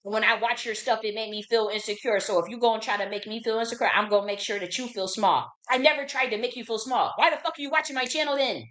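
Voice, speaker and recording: A woman's voice: fairly high pitch, steady tone, fast talker, few pauses, a bit bright. A woman, hosting her own channel, ranting casually, profane, repetitive and indignant. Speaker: channel host. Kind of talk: heated casual rant.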